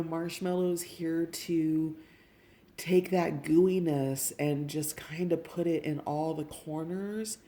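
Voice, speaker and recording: A woman giving an intuitive tarot reading, gentle and emotional, speaking directly to the viewer. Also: deep voice. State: tearful. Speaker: tarot reader.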